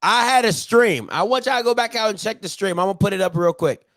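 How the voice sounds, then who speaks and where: A man's voice: high voice, fast talker, vocal fry, fairly bright tone, no room sound, studio quality. A man hosting a casual football recap, ranting and talking straight to his viewers. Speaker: sports show host.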